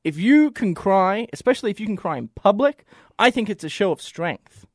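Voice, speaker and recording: A man's voice: sits high, very animated, normal speed, dry recording, studio quality. A man from Australia with an Australian accent, co-hosting a podcast in earnest, casual chat, often restarting his sentences. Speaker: podcast co-host.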